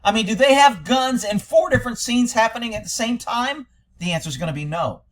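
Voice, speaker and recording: A man's voice: very high voice, animated, a little fast, a little hiss or hum. A man giving critical commentary on an interview recording, blunt, sarcastic and scornful, sometimes swearing. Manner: profane. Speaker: commentator reacting to interview audio.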